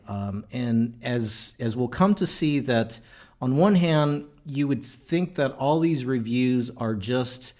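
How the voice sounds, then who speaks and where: A man hosting a podcast, talking in a casual, animated and jokey way with many fillers and restarts. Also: mid-range voice. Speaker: podcast host.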